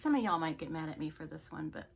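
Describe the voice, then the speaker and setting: A woman's voice: low voice, expressive, fast talker, creaky, husky. Chatty woman telling a story. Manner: chatty, indignant storytelling with laughs. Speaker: vlogger. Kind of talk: get-ready-with-me story time.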